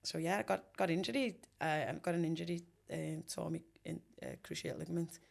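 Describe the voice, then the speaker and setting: A woman's voice: on the low side, fairly even intonation, brisk, vocal fry, darkish tone. A woman in her forties with a Scouse accent, chatting casually as an interview guest, rambling with ums and restarts. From Liverpool, England.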